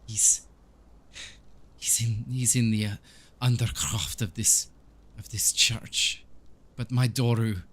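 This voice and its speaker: A man's voice: medium pitch, slow, long pauses, a bit bright, voice pushed up. A man voicing a grieving older male village priest who weeps, stammers and pleads in a raised voice. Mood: grief-stricken.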